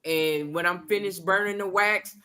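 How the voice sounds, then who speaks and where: A man's voice: high-pitched, fairly even intonation, moderate pace, sharp tone, clear, resonant tone. A man chatting playfully and upbeat with friends. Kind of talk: casual group chat.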